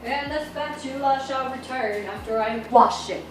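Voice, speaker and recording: A woman's voice: sits high, normal speed, heavy reverb, recorded from a distance, a little hiss or hum, poor audio. A teenage girl vlogging casually, chatty and jumpy, squealing when something surprises her. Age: teens. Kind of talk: casual vlog chat.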